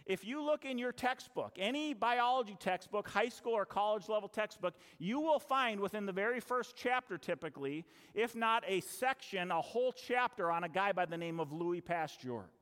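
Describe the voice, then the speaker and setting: A man preaching in a church, his voice sitting high for a man and ringing with a long hall echo. He tells stories with dramatic pauses and acts out the dialogue. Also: lively intonation, a bit bright, clean tone. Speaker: pastor. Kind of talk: sermon.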